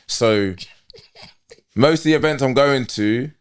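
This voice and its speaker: A man from England hosting a casual podcast conversation in a relaxed, upbeat way. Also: mid-range voice, slow, clear, resonant tone. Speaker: podcast host.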